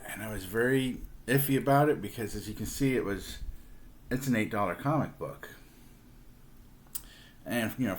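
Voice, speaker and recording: A middle-aged comic book collector with a lowish voice shows off his purchases in a casual show-and-tell vlog. He rambles with plenty of fillers and restarts, and there's slight background noise.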